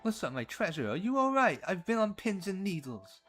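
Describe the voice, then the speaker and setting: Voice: mid-range voice, very animated, normal speed, fairly bright tone, faint music behind. A performer voicing a haughty young noblewoman who scolds in a prim, proper way.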